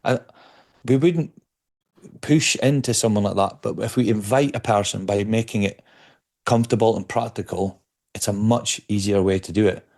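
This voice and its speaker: A podcast guest speaks in a fairly low male voice, thoughtful and unhurried in conversation. He often repeats a word or two while he searches for his phrasing. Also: a little mellow. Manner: reflective, repeats words as he searches for them. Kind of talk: conversational interview.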